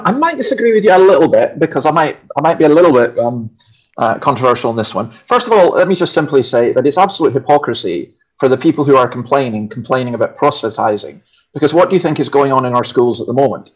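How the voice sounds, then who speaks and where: A Scottish pastor talks with firm conviction, pressing his points hard and now and then turning a wry joke on himself. His voice sits at an ordinary middle pitch. The recording is a little dull and lo-fi. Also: lively intonation, fast. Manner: emphatic, opinionated, self-deprecating humor. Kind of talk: casual radio chat.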